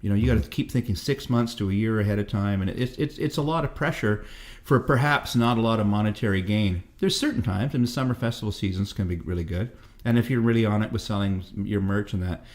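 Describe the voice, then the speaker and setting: A man's voice: lowish voice, fast talker. A man in his fifties, a guest musician in a casual interview, telling rambling stories and swearing freely. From Canada. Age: 50s. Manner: profane, rambling storyteller.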